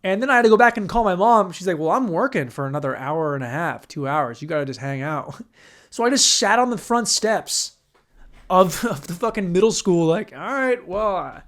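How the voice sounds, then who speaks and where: A man's voice: high-pitched, expressive, normal speed, fairly bright tone. A young man hosting a podcast, telling a rambling, profane story on his own and acting out the quoted voices. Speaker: podcast host. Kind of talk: casual solo storytelling.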